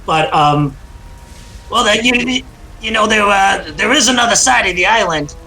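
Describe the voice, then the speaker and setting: A man's voice: high voice, animated, moderate pace, bright, forceful tone, voice pushed up, exaggerated voice, low-quality recording. A man voicing a male halfling ship's lookout with thick mutton chops, who talks in a wary, hesitant way.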